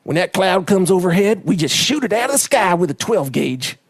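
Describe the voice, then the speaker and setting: A man's voice: high voice, animated, a little fast, vocal fry, no room sound, studio quality, pitched above the performer's own voice, full character voice. A man voicing a boastful cartoon Texan with a put-on Texas drawl. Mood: swaggering. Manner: boastful, swaggering.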